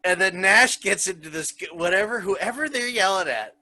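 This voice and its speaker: A man hosting a casual wrestling podcast, telling stories in an animated way and laughing often. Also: high voice, normal speed. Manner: animated storyteller who laughs a lot. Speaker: podcast host.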